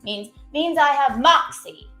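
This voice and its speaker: Woman, cooking stream host, lively swooping voice, giggly, echoey kitchen, faint music. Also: sits high, measured pace. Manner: animated, giggly, reads out viewer tips. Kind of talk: casual livestream cooking chat.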